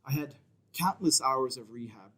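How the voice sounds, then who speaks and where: A man's voice: medium pitch, expressive, moderate pace, breathy edge, rough recording. A man in his thirties telling a vivid personal story on stage, acting out the voices of the people in it. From Canada. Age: 30s. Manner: vivid storytelling, shouts out quoted children.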